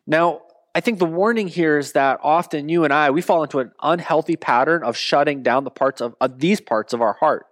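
A man's voice: fairly high pitch, no echo. Earnest male pastor preaching, dry sound. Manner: earnest, slows down for emphasis. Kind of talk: sermon.

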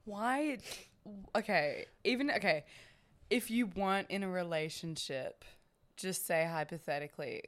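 A woman's voice: lowish voice, animated, unhurried. A young woman hosting a podcast in casual chat, talking freely with lots of "like" fillers. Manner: chatty, many "like" fillers. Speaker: podcast host.

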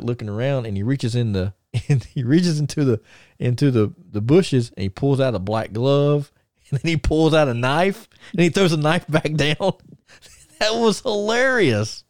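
Mellow-voiced man telling stories casually. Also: on the low side, no echo, studio quality. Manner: rambling storyteller, many restarts and chuckles. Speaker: podcast co-host. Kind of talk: casual chat.

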